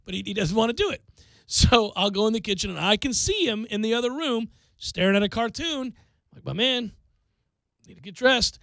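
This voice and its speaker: Man, high-pitched, gravelly, dry studio mic, lively talk-radio storytelling. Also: a little fast, dry recording. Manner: animated storytelling, acts out scolding his kid. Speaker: radio host. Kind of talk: casual radio chat. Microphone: studio microphone, dry.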